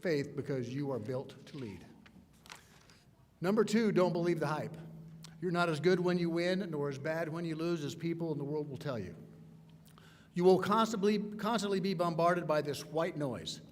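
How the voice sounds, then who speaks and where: A man delivers a commencement speech in a slightly high voice, pressing each point with emphatic, repeated refrains. His voice rings with the long reverb of a large hall over a faint hum of noise. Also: expressive, moderate pace, a little mellow. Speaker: commencement speaker. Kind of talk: ceremonial speech.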